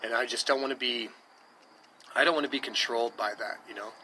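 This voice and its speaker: In a brisk, mid-range voice, this American man in his thirties talks to his stream in a loose monologue, profane and emphatic, working things out aloud. His throat sounds dry, and the background is noisy.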